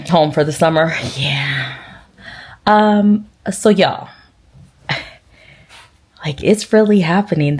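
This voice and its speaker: A woman in her fifties talks straight to her viewers in a loose, chatty vlog. Her voice sits low and gravelly, with a husky edge, and she takes her time. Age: 50s. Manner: chatty, warm address to viewers with fillers. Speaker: vlogger. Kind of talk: casual vlog chat.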